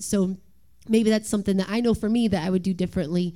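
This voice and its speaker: A woman's voice: medium pitch, steady tone, quick pace. A woman in her thirties, a worship leader hosting an earnest, confessional church talk about parenting. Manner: earnest, confessional, with gentle laughs.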